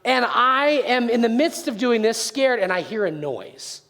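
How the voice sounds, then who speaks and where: A man's voice: sits high, animated, normal speed, gravelly, hardly any pauses, fairly bright tone. A man telling a playful story in a sermon, speaking with animation straight to his listeners. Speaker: preacher. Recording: long hall reverb.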